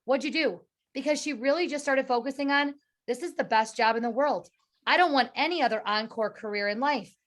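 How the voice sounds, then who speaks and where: A woman's voice: high-pitched, a little fast. Upbeat woman leading a sales team call. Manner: energetic and earnest, with repeated words and restarts. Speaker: direct sales team leader. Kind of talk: motivational speech on a video call. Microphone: video call.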